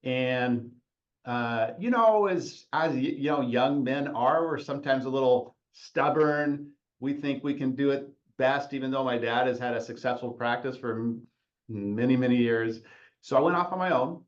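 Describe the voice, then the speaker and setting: Man, forties, podcast host, casual storytelling, rambling with restarts, mid-pitched voice, slightly muffled lo-fi sound. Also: normal speed. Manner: rambling, self-correcting, laughs at himself.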